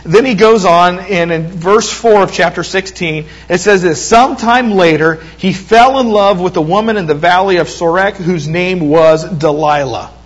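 High-voiced man preaching a sermon. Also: moderate pace, hardly any pauses, muffled recording. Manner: storytelling, retelling scripture with lively quoted voices.

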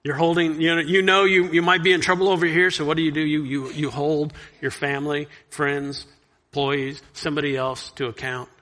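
A man preaching a sermon, earnest, reading scripture loudly and dropping soft to reflect. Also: a little high, steady tone, brisk. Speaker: pastor.

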